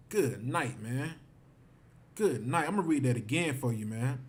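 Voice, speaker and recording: A man's voice: medium pitch, lively intonation, slow, pauses often. A man teaching a livestreamed scripture class, emphatic and repetitive, often tagging his phrases with "man". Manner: emphatic, repeats himself, ends phrases with "man".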